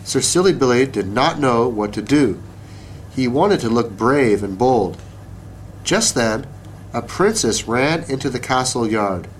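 Slow-reading male storyteller. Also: mid-range voice, lively intonation, a little hiss or hum. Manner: slow, deliberate. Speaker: narrator. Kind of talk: children's story read aloud.

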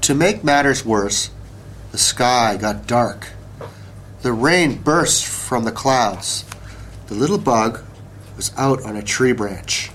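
A man reading a children's story aloud in a slow, expressive way. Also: medium pitch, slight background noise.

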